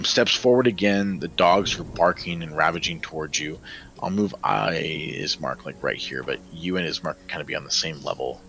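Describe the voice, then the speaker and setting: A man's voice: low-pitched, bright, forceful tone, rough recording. A man running a tabletop game as game master, narrating dramatically with many fillers.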